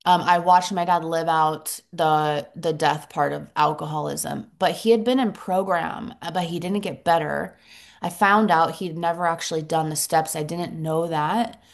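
Earnest, halting middle-aged woman sharing. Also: sits low, fairly even intonation, gravelly. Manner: halting, earnest, reflective, many pauses and restarts. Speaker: recovery group member sharing. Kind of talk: personal sharing at a support meeting.

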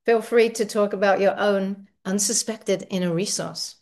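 A woman speaking at a recovery meeting, sharing her experience with frequent laughter and animated spiritual musing. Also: mid-range voice, moderate pace.

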